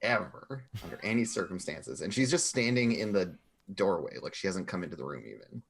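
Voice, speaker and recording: A man playing at a tabletop game, asking questions and describing his character with playful deadpan asides. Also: low-pitched, a little fast, gravelly, rough recording. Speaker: player. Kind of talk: casual tabletop play.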